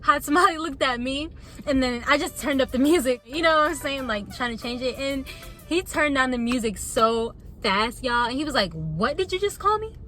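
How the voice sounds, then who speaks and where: A young woman vlogger telling a casual storytime to her viewers, animated and chatty, calling them y'all. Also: high-pitched, normal speed, faint music behind.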